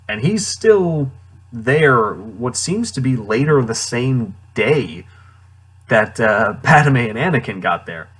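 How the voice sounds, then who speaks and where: A man's voice: on the low side, fairly bright tone. Sarcastic man ranting about a movie. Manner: sarcastic, incredulous, laughs often. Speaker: movie reviewer. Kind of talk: casual movie commentary.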